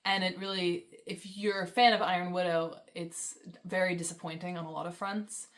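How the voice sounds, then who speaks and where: A woman's voice: lowish voice, flat delivery, normal speed, fairly bright tone. A young woman vlogging about books in a casual, rambling, enthusiastic way, with many fillers and laughs. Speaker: book vlogger. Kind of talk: casual chat.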